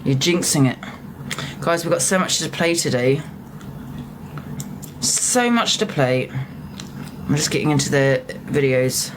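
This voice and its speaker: A woman hosting a casual live stream, excitable and chatty, talking straight to her viewers. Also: deep voice, normal speed, noisy background.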